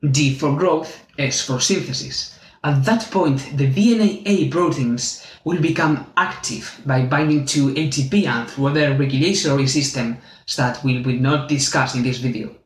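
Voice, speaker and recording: A man with a Spanish accent giving a clear, methodical university biology lesson as the channel's teacher. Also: medium pitch, normal speed. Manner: clear, methodical, friendly explaining. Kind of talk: university lecture explaining with drawings. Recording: echoey room.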